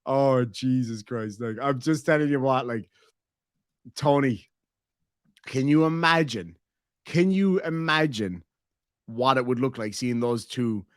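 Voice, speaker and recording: A man's voice: mid-range voice, takes it slowly, pauses often, no room sound, clean studio sound. An Irish man hosting a casual stream, reading member messages aloud in a joking, crude, rambling way. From Ireland. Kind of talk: casual reaction stream chat.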